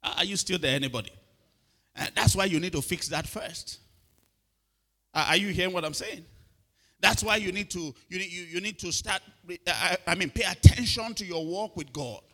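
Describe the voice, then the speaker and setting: A man's voice: high voice, moderate pace, sharp tone. A middle-aged man preaching a sermon, often asking if listeners are following and repeating his words. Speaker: pastor.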